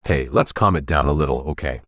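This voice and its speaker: A steady, placating man tries to keep the peace between the others, as the narrator voices him. The voice is extremely deep. It is recorded dry, with no room sound. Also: brisk, dry recording. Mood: calm. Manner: calm, placating. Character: calm, patient adult man, a father keeping the peace.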